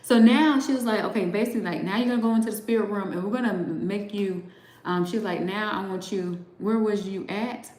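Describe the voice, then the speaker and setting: A woman hosting a live show, casually retelling a personal experience in animated detail, with lots of fillers and quoted back-and-forth. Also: mid-range voice, a little fast. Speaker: show host. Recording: echoey room.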